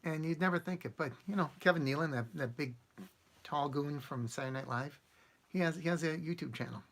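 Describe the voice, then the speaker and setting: A man's voice: fairly high pitch, a little fast, fairly bright tone. A man hosting a casual live stream, rambling and chuckling as he answers comments from his viewers. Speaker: channel host answering live chat.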